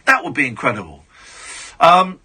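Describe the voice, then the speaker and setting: A man, a radio host telling stories in a casual, animated and gushing way. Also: fairly high pitch, moderate pace, slightly rough. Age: 40s. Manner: animated, gushing, full of restarts. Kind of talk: casual chat, storytelling.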